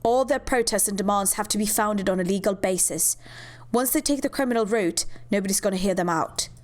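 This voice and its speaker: A woman's voice: mid-range voice, brisk, natural voice. A woman voicing a blunt, hard-nosed male police officer in a curt, matter-of-fact way while reading game cutscenes.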